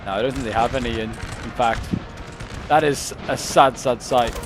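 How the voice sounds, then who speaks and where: A man casually commentating a strategy-game battle, chatty and excitable with lots of fillers. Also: medium pitch, normal speed, heavy background noise. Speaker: gameplay commentator. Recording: loud gunfire and artillery from the game. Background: battle sounds, cannon and musket fire.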